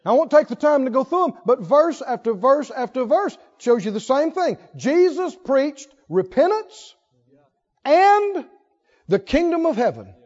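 A man's voice: very high voice, sing-song, unhurried, darkish tone, long reverb tail. A man preaching a sermon, emphatic and laughing often as he asks the congregation questions. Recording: dull lo-fi recording.

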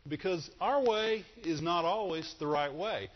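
A middle-aged man preaching a sermon to a congregation, animated and asking them questions. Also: on the high side, unhurried. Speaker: pastor. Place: church hall. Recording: dull sound with long hall reverb.

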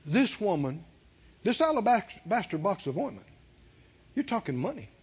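A man's voice: high-pitched, moderate pace, slightly rough. A man preaching a sermon, telling a story with laughter and calling out to the congregation. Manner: animated, calls out to the congregation, laughs while telling. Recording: dull lo-fi sermon recording.

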